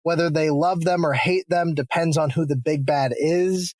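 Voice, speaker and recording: Higher-voiced man giving casual advice. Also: moderate pace, dry recording. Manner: relaxed, rambling, gives advice with asides. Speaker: podcast co-host. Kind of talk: casual chat.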